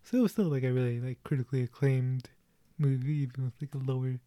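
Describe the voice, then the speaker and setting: A man's voice: medium pitch, fairly even intonation, fast talker, warm tone, no echo. A man in his twenties hosting a casual movie chat, chatty, with lots of fillers and laughter. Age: 20s. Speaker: movie reaction host.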